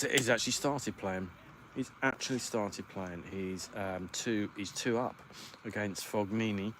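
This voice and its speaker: A man hosts a relaxed solo livestream from home, letting his thoughts wander aloud and filling the gaps with ums. His voice sits on the low side. A faint hiss runs underneath. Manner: rambling, thinks aloud with many ums. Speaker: podcast host. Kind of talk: casual solo livestream chat.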